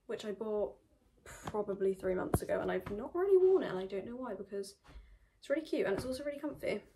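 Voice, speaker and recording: A woman's voice: mid-range voice, vocal fry, background noise. A teenage girl vlogging at home in casual chat, gushing and dramatic, swearing freely.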